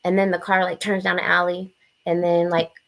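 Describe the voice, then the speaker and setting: A young adult woman telling a story on a podcast in a blunt, profane, animated way, acting out the quotes. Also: on the low side, a little fast, vocal fry. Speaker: podcast guest. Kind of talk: casual storytelling.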